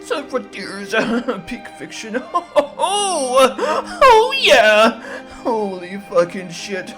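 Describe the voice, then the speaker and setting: A woman's voice: lowish voice, slow pace, over music. A woman putting on the exaggerated voice of a goofy, dim-witted gamer who rambles and cackles. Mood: silly. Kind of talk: comedic put-on voice.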